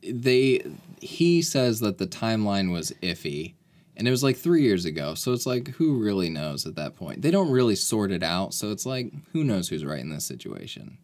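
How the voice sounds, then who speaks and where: A man with a fairly low voice chats casually about a film. He rambles through the plot, often breaking off and correcting himself. He sounds relaxed and conversational. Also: normal speed. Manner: rambling, self-correcting retelling. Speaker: podcast co-host. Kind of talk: casual movie recap chat.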